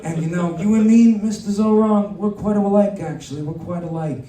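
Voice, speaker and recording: A man doing a low, conspiratorial mafia-boss impression of a scheming president in a live comedy sketch. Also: normal speed, warm tone, lightly acted. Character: mobster-style impression of a male president, scheming and boastful. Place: comedy venue stage. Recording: roomy venue sound from far off.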